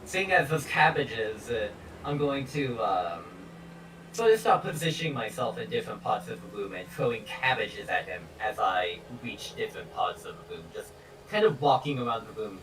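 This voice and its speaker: A man playing a tabletop game, slowly musing out loud about what his character does. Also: mid-range voice, sing-song, reverberant, recorded from a distance, a little hiss or hum, poor audio. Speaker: player.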